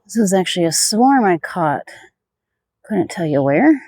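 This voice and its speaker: A woman's voice: fairly low pitch, very animated, a little slow, dark tone, no echo. A woman beekeeper narrating her hive inspection outdoors in a casual, chatty way, muttering asides to herself and talking to her bees. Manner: talks to the bees. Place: outdoors by a beehive.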